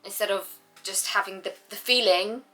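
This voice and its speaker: A woman's voice: medium pitch, normal speed, sharp tone. A young woman talking casually to camera about her own life, chatty and full of "like", acting out her own reactions as she goes. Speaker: vlogger. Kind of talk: casual personal talk to camera.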